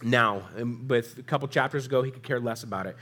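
A man's voice: medium pitch, fast, a bit bright. A man preaching a sermon, reading scripture aloud and explaining it in a loose, conversational way, with a stuffy, sniffling nose. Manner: casual, conversational Bible teaching with asides to the audience.

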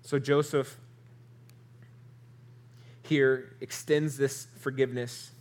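A male pastor delivers an earnest sermon slowly, with a medium-pitched voice and level tone. His voice climbs as he runs through lists, then drops softly on the key lines.

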